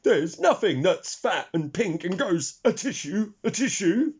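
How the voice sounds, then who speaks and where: A man's voice: sits high, big pitch swings, unhurried, darkish tone, slightly rough, pitched above the performer's own voice, full character voice. A man voicing a rude, boastful pig in a storybook reading, scornful and haughty. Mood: worried. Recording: dull lo-fi recording.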